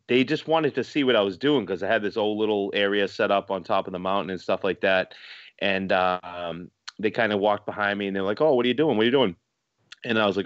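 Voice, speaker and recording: A man's voice: on the low side, a bit bright, no room sound, muffled recording. A man casually telling a rambling story on a podcast call, repeating "I was like" as he goes. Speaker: guest.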